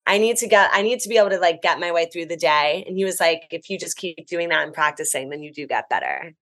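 An American woman, a travel writer guesting on a podcast, telling stories in a chatty, animated, enthusiastic way. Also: lowish voice, fast talker. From United States. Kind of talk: casual podcast chat.

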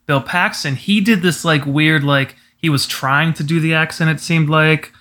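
A man's voice: on the high side, fairly even intonation, normal speed, bright, forceful tone. A young man co-hosting a casual podcast, rambling through his points with many "you know" fillers. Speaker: podcast co-host. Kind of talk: casual chat.

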